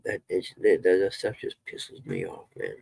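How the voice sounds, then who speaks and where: Deep-voiced man chatting on a live stream. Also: very animated, unhurried, creaky, darkish tone, slightly rough, dry recording. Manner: folksy, swears when fired up. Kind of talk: casual live-stream chat.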